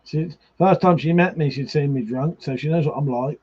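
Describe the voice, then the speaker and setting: A somewhat high, slightly rough male voice speaks at a moderate pace. The speaker is a drunk livestream host who banters casually, reads viewer comments, curses freely and laughs often, heard through slightly muffled audio.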